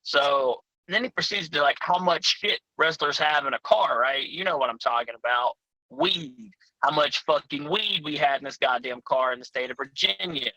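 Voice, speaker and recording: A man's voice: fairly high pitch, moderate pace, hardly any pauses, bright, forceful tone, no room sound, poor audio. A man telling profane, rowdy road stories in a casual chat as a guest. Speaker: pro wrestler guest.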